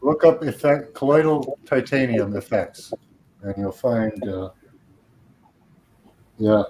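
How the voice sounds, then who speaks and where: A man talking in a casual group voice chat. He explains a process step by step, pausing on fillers as he goes. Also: medium pitch, expressive, darkish tone, a little hiss or hum, low-quality recording. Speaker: chat participant.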